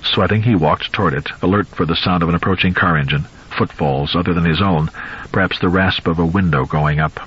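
A man narrating a novel in a measured, suspenseful storytelling voice. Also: sits low, fairly bright tone, husky, lo-fi sound. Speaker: audiobook narrator.

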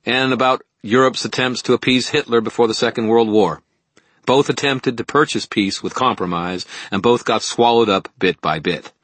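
A brash, sarcastic young wizard, put on by a man reading aloud. He pushes his lines up in a raised, heated register over a husky, dry-sounding voice. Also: mid-range voice, normal speed, fairly bright tone, no room sound, voice pushed up, close to an everyday voice. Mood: scornful. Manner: sarcastic, defiant.

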